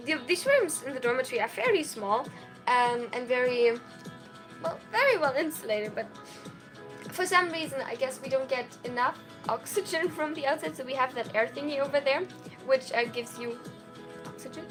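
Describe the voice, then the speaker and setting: High-voiced excitable young woman streamer. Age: young adult. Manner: chatty, excitable, reads chat messages aloud. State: sleep-deprived, tired. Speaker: streamer reading chat. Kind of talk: casual live-stream chat. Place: small dormitory room.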